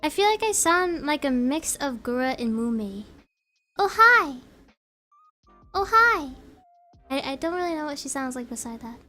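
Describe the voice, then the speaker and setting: A woman's voice: high voice, lively intonation, a little fast, few pauses, faint music behind. A young woman streamer chatting casually and reading out her chat, giggly and rambling.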